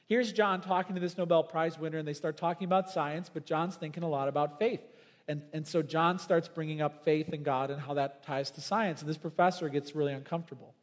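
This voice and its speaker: A man preaches a sermon in a church, his voice sitting high and rising sharply when he presses a point. He swings between loud emphatic bursts and soft, low asides. The sound rings out with a long hall reverb. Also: fairly even intonation, brisk. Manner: emphatic preaching with big swings in pitch and volume. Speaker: pastor.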